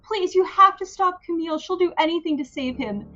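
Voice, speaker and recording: A woman's voice: extremely high pitch, a little fast, sharp tone, lo-fi sound, soft background music, pitched above the performer's own voice. A woman voicing a frightened young woman who pleads breathlessly for help in a tabletop game. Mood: desperate pleading.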